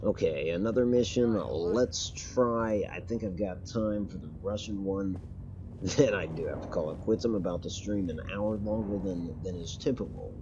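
A man's voice: low voice, moderate pace, highs cut off, background noise. A man streaming a game, giving casual commentary, rambling, correcting himself and swearing casually. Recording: loud game gunfire behind voice. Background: game gunfire and artillery.

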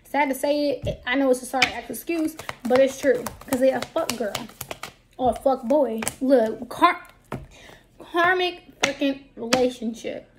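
A woman's voice: high voice, measured pace, background noise. A woman giving a casual tarot card reading to her viewers, talking bluntly and with plenty of profanity. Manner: blunt, profane, lively talk.

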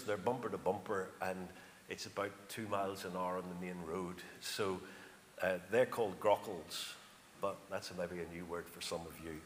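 A man's voice: sits low, a bit bright. Man with a County Armagh accent. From Northern Ireland. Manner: chatty, anecdotal, emphatic with numbers. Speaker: charity speaker. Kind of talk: church talk. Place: church. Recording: echoey church hall, faint noise.

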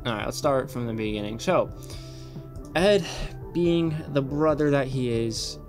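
Young male reaction host, excitable and profane, mid-range voice, light music bed. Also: mid-range voice. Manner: excitable, swears a lot, rambling. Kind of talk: casual commentary.

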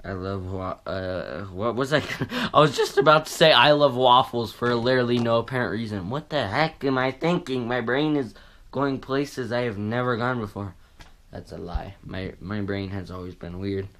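A man's voice: mid-range voice, expressive, moderate pace, fairly bright tone. A man talking casually as a vlogger to his viewers, rambling in a goofy way and often cutting himself off. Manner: rambling, goofy, self-interrupting. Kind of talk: casual vlog chat.

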